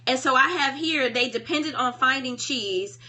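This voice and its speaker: A woman's voice: high voice, measured pace, pushed and bright. A woman hosting a live-stream book discussion. She talks in a conversational, preacherly way and keeps checking in with "right?". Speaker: live-stream host reading a self-help book.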